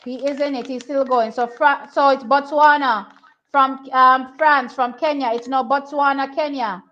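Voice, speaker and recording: A young woman talks through a track race as it happens. She sits high in her register, repeats herself and thinks aloud in a chatty, excitable way. The audio is slightly dull and lo-fi. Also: moderate pace. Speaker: track and field watch-along host. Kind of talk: casual live race commentary.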